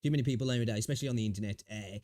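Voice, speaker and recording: Fast-talking, sweary streamer. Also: male voice, mid-range voice, warm tone, no room sound. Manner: rambling and sweary, many fillers. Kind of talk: casual live-stream chat.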